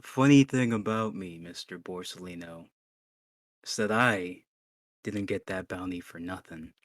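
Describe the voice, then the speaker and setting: A man's voice: low-pitched, a little slow, dry recording. A man playing a cocky bounty hunter.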